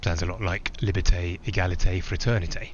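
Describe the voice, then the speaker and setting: A man's voice: sits low, fairly even intonation, a little fast, dull audio, a little hiss or hum, lightly acted. An actor playing a man flying alone, who talks in a reflective, digressive way with small hesitations. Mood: musing. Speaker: narrator-pilot. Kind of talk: theatrical monologue.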